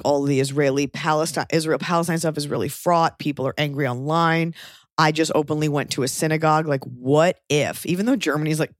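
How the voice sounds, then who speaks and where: A woman in her thirties with a low voice hosts a podcast, wandering through a story in a relaxed way with frequent fillers and swearing. The audio is studio quality, without echo.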